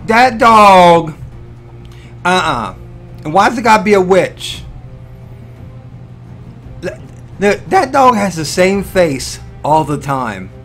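A man hosting a casual live stream, greeting viewers by name and reacting loudly and profanely to pictures they send, often laughing. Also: high voice, expressive, slow pace, vocal fry, pauses often, soft background music. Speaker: livestream host.

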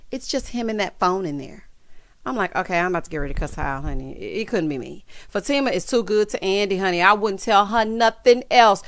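With a fairly high, fairly bright voice and no room sound at all, a TV recap host gives a sassy episode summary. She addresses the listener as "honey" and "child," slipping into the characters' voices for quoted asides.

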